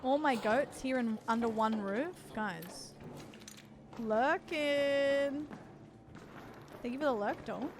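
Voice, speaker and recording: A chatty woman with a slightly high voice, talking to her stream chat while she plays. Her talk is quick and jumpy, with game noise clearly heard under it. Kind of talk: casual live-stream chat while gaming. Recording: noisy game stream audio.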